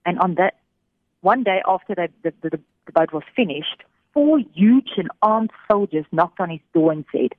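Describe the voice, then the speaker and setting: A woman telling a faith story on the radio, animated, giving voice to the people in it. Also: fairly low pitch, normal speed, no echo. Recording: thin phone-like radio sound.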